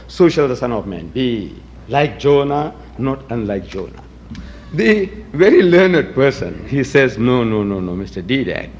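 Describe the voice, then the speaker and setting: A man from Africa, giving a combative, rhetorical public lecture and mimicking his opponents. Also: sits high. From South Africa. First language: Gujarati.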